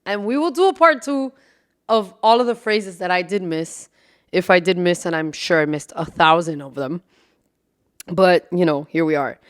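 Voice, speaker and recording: Unhurried and a little high-pitched, this female podcast host chats on her own with lively intonation. Her style is brash and full of swearing and laughter, with Spanish phrases mixed in and loud whispered asides.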